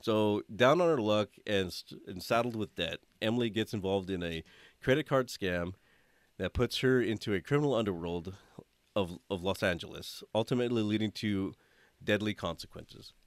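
A man's voice: on the low side, normal speed, no room sound. A man co-hosting a casual movie review chat, telling a story animatedly, swearing and laughing often. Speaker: podcast co-host.

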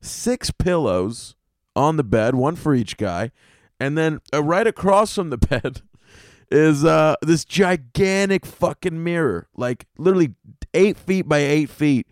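A man hosting a comedy podcast, ranting in an animated, profane way. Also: fairly high pitch, measured pace, dry recording, studio quality. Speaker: podcast host.

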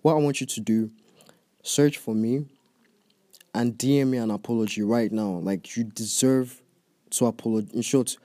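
A young man with a Nigerian accent rants in loose, profane casual commentary, addressing the listener directly. His voice is dark and mellow. The recording is dry, with no room sound. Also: mid-range voice, steady tone, moderate pace, long pauses, no echo. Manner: profane, heated, talks straight at the listener. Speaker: movie reviewer.

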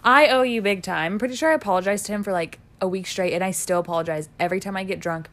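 A woman's voice: mid-range voice, fast talker. A woman co-hosting a podcast, chatting casually and telling stories with lots of giggling. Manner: giggly, animated storytelling with frequent laughter. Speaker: podcast co-host. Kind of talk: casual chat.

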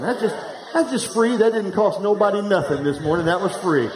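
A middle-aged pastor preaching live to a congregation, candid and humorous, telling a personal story and speaking to the room directly. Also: male voice, high voice, lively intonation, brisk, background noise. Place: church hall, live before a congregation. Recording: echoey room.

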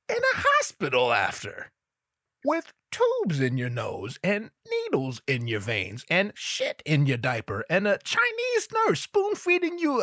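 A man's voice: high voice, bright, forceful tone, no room sound, studio quality. A man hosting a solo comedy podcast in a crude, rambling, darkly joking monologue. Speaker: podcast host.

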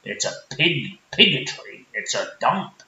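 A performer voicing a meek, halting rural man from West Virginia, in a roomy, dull lo-fi recording. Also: mid-range voice, sing-song, pushed and bright, voice pushed down, heavily acted. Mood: bewildered. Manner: halting, stammering, apologetic.

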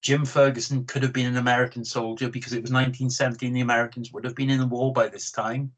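A husky man from Britain talks through a film in casual conversation. His pitch sits in the ordinary middle range. His manner is opinionated, with frequent restarts. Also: little pitch movement, fast talker, rough recording. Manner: opinionated, repeats words when starting. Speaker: film podcast co-host. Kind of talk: casual film review chat.

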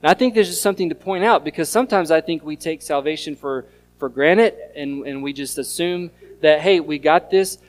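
A pastor, preaching an earnest sermon that mixes scripture reading and storytelling. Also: male voice, on the high side, brisk. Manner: earnest teaching tone, reads scripture aloud and tells stories.

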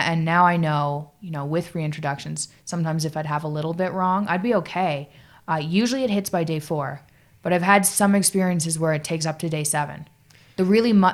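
Low-voiced woman telling a story. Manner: halting, filler-heavy, lots of "like". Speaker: podcast guest. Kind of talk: casual storytelling in conversation.

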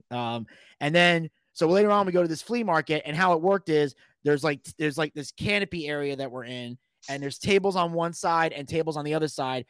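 A man's voice: fairly high pitch, brisk, clean tone, no echo. A man telling a long story on a podcast as a guest, casually and with plenty of swearing, acting out what people said. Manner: animated, profane, acts out quotes.

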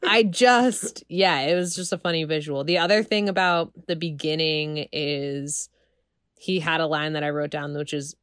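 A woman's voice: low-pitched, steady tone, normal speed, a bit bright, dry recording, clean studio sound. A woman co-hosting a casual podcast chat, swearing and laughing freely. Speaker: podcast co-host. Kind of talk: casual chat reviewing a TV show.

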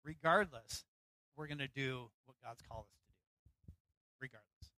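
Animated storytelling man pastor, bright voice. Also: mid-range voice, moderate pace, no room sound, poor audio. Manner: storytelling, animated, acts out quotes. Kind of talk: sermon.

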